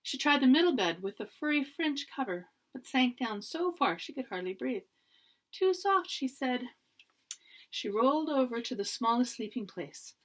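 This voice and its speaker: Expressive storybook reader, woman, higher voice, reads aloud for kids. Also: moderate pace. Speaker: volunteer teacher reading to children. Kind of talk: children's storybook reading.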